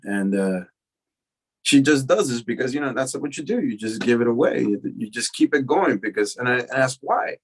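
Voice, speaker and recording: A man shares his recovery story in a loose, profane way. He keeps slipping into animated voices for the people in his story. His pitch sits in the middle. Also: normal speed, slightly rough, poor audio. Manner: casual, profane, animated retelling with acted quotes. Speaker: recovery lecture speaker. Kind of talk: personal storytelling talk.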